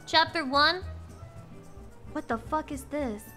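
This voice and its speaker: A young woman streamer chatting casually, excitable and crude. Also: high-pitched, takes it slowly, faint music behind. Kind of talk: casual chat.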